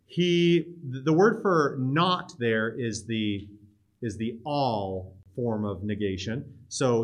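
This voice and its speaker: A man walks through a psalm like a teacher talking to his students, relaxed and conversational. He leans hard on key words for emphasis and trips into quick restarts and asides as he goes. His voice sits at an ordinary pitch for a man. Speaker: Bible teacher. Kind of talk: casual teaching talk on a psalm.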